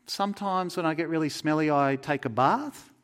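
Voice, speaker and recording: A man's voice: on the high side, moderate pace, clean tone, close to an everyday voice. A man voicing a bewildered, plain-spoken male criminal who gives simple, matter-of-fact answers in a sermon story.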